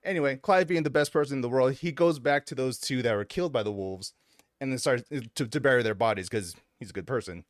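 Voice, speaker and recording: A podcast co-host retells a video game story in casual conversation, voicing the characters' lines and laughing often. He has a medium-pitched voice and a quick pace, and the audio is studio quality with no echo.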